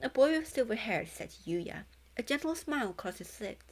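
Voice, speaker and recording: A young woman reads a novel aloud in a casual stream, tripping over words and fixing them as she goes. Her pitch bounces in a lively way. She keeps breaking off to chat about what she sees. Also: moderate pace, vocal fry, breathy edge. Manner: stumbling, self-correcting reading, breaks into chatter. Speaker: VTuber reading a novel aloud. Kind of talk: casual read-along.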